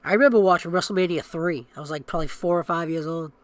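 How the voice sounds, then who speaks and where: A man's voice: a little high, fast talker. A man in his thirties co-hosting a podcast in casual chat, acting out quotes in raised voices. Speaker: podcast co-host.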